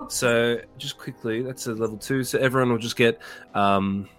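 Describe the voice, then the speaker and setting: A man chats casually as a player in a tabletop game, with plenty of ums and hesitations. His pitch sits in the middle of the range. Faint music plays in the background. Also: steady tone, moderate pace, fairly bright tone. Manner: hesitant, full of ums, describing actions.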